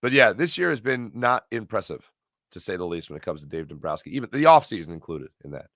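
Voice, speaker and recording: Bright-voiced energetic male sports host. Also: low-pitched, quick pace, no echo, clean studio sound. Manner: energetic, reads chat messages aloud and reacts. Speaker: sports talk show host. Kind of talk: casual sports talk livestream.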